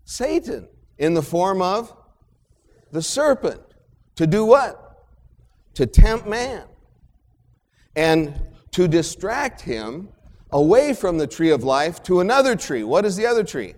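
Slow, lively preacher in a reverberant hall. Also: male voice, high-pitched. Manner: slow, emphatic preaching with repeated chanted phrases. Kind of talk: sermon.

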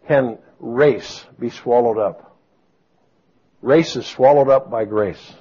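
Husky guy preaching to a church, loud shouts then quiet story bits, kinda dull lo-fi audio. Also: slow. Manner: animated, swings from booming exclamations to soft storytelling. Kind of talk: sermon. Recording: dull lo-fi sound.

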